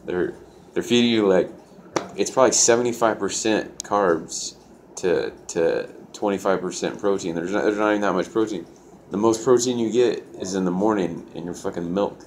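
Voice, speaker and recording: A man's voice: low-pitched, moderate pace, slight background noise. A young man telling a personal story in a loose, profane way, full of "like" fillers. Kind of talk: casual storytelling.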